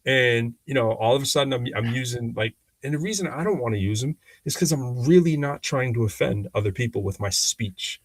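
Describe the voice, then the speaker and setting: Gravelly-voiced man, dry close sound, animated storytelling co-host, casual podcast. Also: mid-range voice, brisk, few pauses, no echo. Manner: animated storyteller, lots of restarts. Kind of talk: casual conversation.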